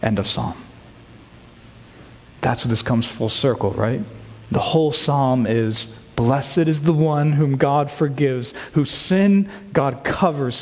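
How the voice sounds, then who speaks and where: Man, pastor, sermon, emphatic, slightly high voice, reverberant church hall. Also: darkish tone. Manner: earnest, emphatic, slows down to read scripture. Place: church sanctuary.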